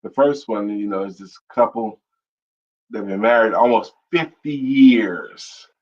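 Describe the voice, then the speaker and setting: A man co-hosting a casual talk show with his wife, a playful, teasing storyteller with a husky voice. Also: on the low side, unhurried, dull audio. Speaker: co-host.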